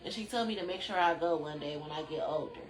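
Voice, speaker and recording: A woman's voice: sits low, fast, echoey room. A woman hosting a rambling spiritual chat, drowsy, chatty and loosely profane, talking from a room at home. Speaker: spiritual channel host.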